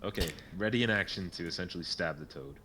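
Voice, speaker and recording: A man chats casually as a tabletop player, rambling with plenty of fillers. His voice is deep and bright, with a faint hum behind it. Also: fast. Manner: rambling, many fillers, laughs easily.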